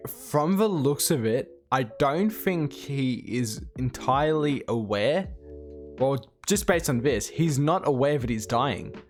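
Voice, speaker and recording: A man casually recapping a comic chapter, excitable, reading out the characters' lines as he goes. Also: mid-range voice. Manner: excitable, retells the plot while reading out the dialogue. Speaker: manga reviewer.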